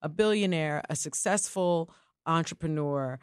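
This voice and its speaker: A woman's voice: low voice, darkish tone, smooth, no echo, studio quality. A woman co-hosting a podcast, giving her opinions in an emphatic, casual way. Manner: emphatic, opinionated, quick asides. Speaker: co-host.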